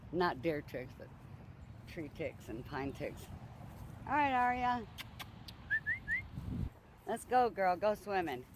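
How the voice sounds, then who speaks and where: A man's voice: high voice, very animated, takes it slowly, pauses often, background noise. A man walking his dog outdoors by a lake, coaxing and teasing it in playful baby talk as he films on a handheld phone. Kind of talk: casual chat to a dog.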